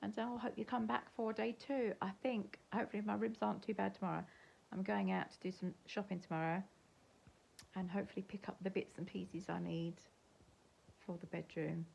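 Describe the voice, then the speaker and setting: A woman's voice: mid-range voice, steady tone, fairly quick, gravelly, a little mellow, highs cut off, a little hiss or hum. An older woman with an English accent, rambling chattily to camera in a casual home vlog. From England. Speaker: vlogger. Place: at home, indoors.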